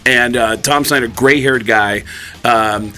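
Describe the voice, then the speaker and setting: Bright-voiced radio guy acting out a story, voice jumps loud on the quotes. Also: mid-range voice, slow, faint music behind. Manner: acts out quotes with big loud shifts in voice. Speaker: radio show co-host. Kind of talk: animated storytelling on morning radio.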